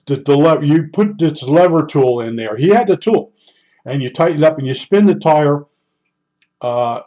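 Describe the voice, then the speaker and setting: An older man telling a casual, halting workshop story, often restarting and searching for words as he recalls details. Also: fairly high pitch, warm tone, muffled recording. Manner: halting, many restarts and fillers while recalling. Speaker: hobbyist repairing old electronics.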